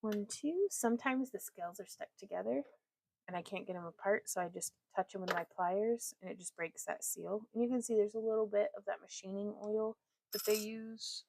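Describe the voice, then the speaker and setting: A woman's voice: medium pitch, moderate pace, creaky, a little mellow, slight background noise. A woman hosting a craft live stream, chatting and laughing with her viewers while she demonstrates her weaving work. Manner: chatty, giggly, talks to chat viewers.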